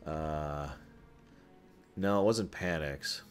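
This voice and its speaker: A man's voice: very deep voice, drawn-out words, faint music behind. A man playing a tabletop role-playing game, chatting casually and thinking aloud with many restarts.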